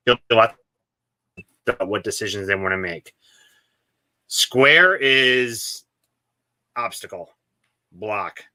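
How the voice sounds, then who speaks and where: Male co-host, low, sharp and forceful tone, self-deprecating, casual explainer. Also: slow, pauses often, no echo. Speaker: astrology podcast co-host. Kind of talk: casual chat.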